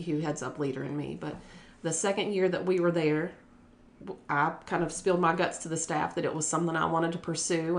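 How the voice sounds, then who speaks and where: Middle-aged woman, from West Virginia, earnest storyteller, a bit low-pitched, school principal on a podcast. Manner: earnest, lively, voices other people when quoting them. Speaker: elementary school principal, guest. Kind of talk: casual conversational storytelling.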